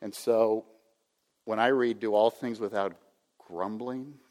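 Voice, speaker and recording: Older guy preaching, low voice, lots of hall echo, earnest and personal. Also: fairly even intonation, slow, darkish tone. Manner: earnest, acts out a self-important inner voice. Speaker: pastor. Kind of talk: sermon. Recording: reverberant hall.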